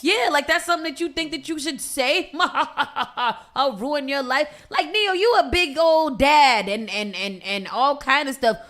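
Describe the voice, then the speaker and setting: High-voiced woman radio host. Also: lively intonation, normal speed, few pauses, a bit bright. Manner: reads news items then riffs with sassy commentary. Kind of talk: casual morning radio chat.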